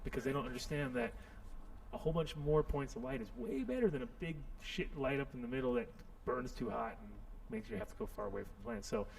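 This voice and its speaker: A man's voice: medium pitch, very animated, quick pace, creaky, a little mellow. A man hosting a casual radio talk show, chatting loosely through sponsor plugs with jokes and restarts. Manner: rambling, jokey, trails off into restarts. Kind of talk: casual on-air chat reading sponsor plugs. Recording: distant mic with faint room noise.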